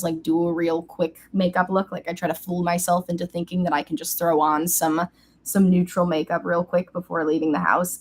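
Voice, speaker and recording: A young woman in a casual get-ready-with-me beauty vlog, chatty and bubbly, recorded on a webcam at home. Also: lowish voice. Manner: chatty and bubbly, squeals at comments and her cat. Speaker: beauty vlogger.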